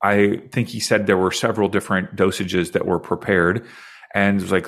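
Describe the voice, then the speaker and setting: A man in his forties, a podcast guest, earnestly and reflectively recounting a deeply personal experience in conversation. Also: level tone, brisk, gravelly.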